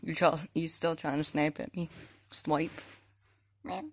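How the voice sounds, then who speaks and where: A woman chatting playfully to her cats while filming them on a phone, teasing them with sudden high squeals. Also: flat delivery, a little slow, a little hiss or hum. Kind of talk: casual chat to pets. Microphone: handheld phone.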